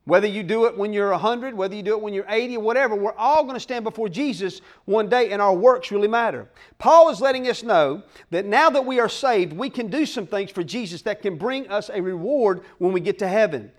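A male pastor delivers a sermon in a very high-pitched voice. He preaches emphatically in plain, folksy speech and keeps checking in with his listeners. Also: brisk, few pauses. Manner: emphatic preaching with call-outs to the congregation.

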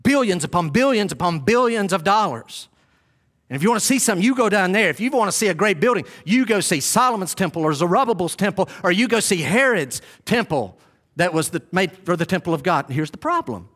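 A male pastor preaches with a high voice that swoops up and down. He speaks straight to his congregation and repeats his main phrases to drive them home. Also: animated, brisk, fairly bright tone. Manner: emphatic, repeats key phrases; addresses the congregation directly. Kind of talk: sermon.

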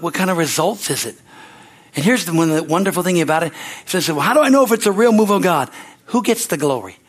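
An older man in his sixties preaching a sermon as pastor, folksy and repetitive, tossing "Amen?" to the congregation. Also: a little high. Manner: folksy, tells anecdotes with laughter.

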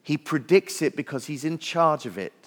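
A man's voice: a little high, expressive, normal speed, long reverb tail. A male pastor preaching a sermon in a church, earnest and building lists with rising emphasis. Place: church sanctuary.

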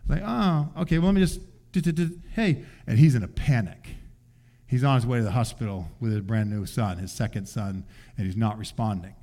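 An older man preaching, telling a family story in an animated way and acting out voices. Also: lowish voice, fairly quick. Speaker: pastor. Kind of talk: sermon storytelling.

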